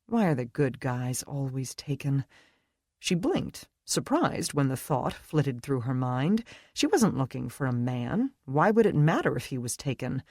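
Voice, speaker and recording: An audiobook narrator reading a romance fantasy in an expressive, measured way. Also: medium pitch, no echo, studio quality. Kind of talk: scripted narration.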